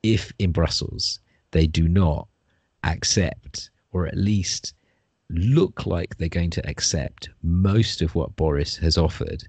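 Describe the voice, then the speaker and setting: A man's voice: low voice, takes it slowly, darkish tone, breathy edge, dry recording. A man in casual conversation, talking in a rambling, discursive way with the odd swear word.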